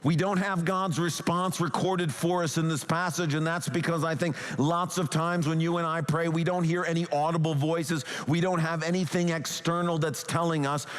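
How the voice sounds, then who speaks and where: A man preaching a sermon as a pastor, earnest and pleading as he talks. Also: fairly high pitch. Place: church sanctuary. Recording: long hall reverb.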